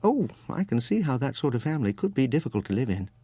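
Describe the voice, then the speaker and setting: A man voicing a smooth, inquisitive English-born art dealer in his forties, with a light English accent, in an audiobook reading. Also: mid-range voice, sing-song, fast, warm tone, dry recording. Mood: curious.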